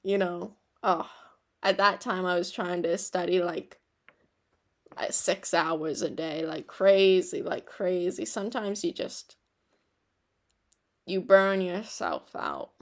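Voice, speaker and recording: Young woman podcaster, slow and kinda gravelly, rambly reflective chat. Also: fairly low pitch. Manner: rambling, reflective, self-laughing. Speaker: podcast host.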